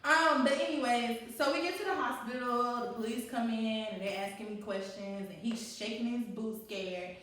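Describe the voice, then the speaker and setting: A young adult woman telling a personal story to listeners in a candid, animated way, often laughing and talking straight to them. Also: fairly high pitch, normal speed, hardly any pauses, recorded from a distance, background noise. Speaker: co-host. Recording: very echoey room, away from mic.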